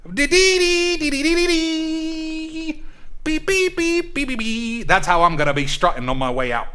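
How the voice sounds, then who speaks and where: A young man ranting as a podcast host, loud and swaggering, with sudden shouts and crude jokes. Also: mid-range voice. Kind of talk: crude comedic banter.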